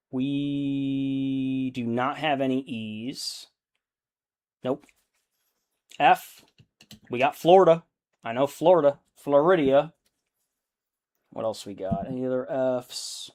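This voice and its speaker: Easygoing and mid-pitched, a young adult man speaks in a slow, drawn-out manner on a casual live stream. While painting, he rambles and thinks aloud, laughing often, and his tone is somewhat dark.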